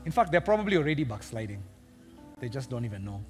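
A man preaching a sermon, animated and joking as he teases his congregation. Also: medium pitch, quick pace, faint music behind. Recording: long reverb of a big hall.

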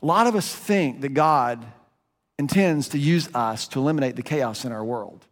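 Preacher guy, talks like he's just chatting, gets loud then goes soft, big echoey church sound. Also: mid-range voice, normal speed. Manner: conversational storytelling, voice rising and dropping for emphasis. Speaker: pastor. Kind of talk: sermon. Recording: long reverb of a large room.

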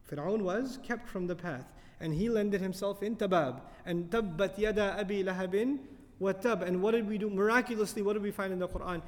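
A man with a high voice teaches a tafsir lecture to his audience. He talks fast and with animation, often asking them questions. The recording has the long reverb of a hall. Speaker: Quran teacher.

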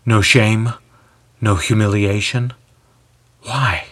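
Brief: big, awed jailer, read by a male narrator, low, husky, hushed and halting. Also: steady tone. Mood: earnest.

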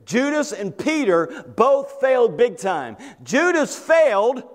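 A man's voice: very high voice, big pitch swings, takes it slowly, hardly any pauses, long reverb tail. A man with a Kentucky accent preaching a sermon, emphatic, repeating phrases for weight.

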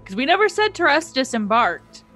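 A woman at a tabletop game, making her points quickly and emphatically. Her voice is bright and sharp and sits a bit high. Quiet music runs in the background. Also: very animated. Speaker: player. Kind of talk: casual tabletop play.

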